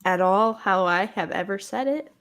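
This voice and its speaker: A woman's voice: medium pitch, moderate pace, a bit bright. A woman from the United States co-hosting a livestream, teasing and laughing easily. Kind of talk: casual livestream chat.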